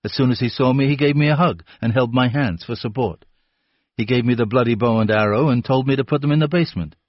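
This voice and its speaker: A man's voice: mid-range voice, fast, no room sound, dull audio, voice pushed up, natural voice. A man voicing a sullen, defiant teenage boy who mocks the police in an audiobook. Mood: scheming. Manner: sneering, mocking.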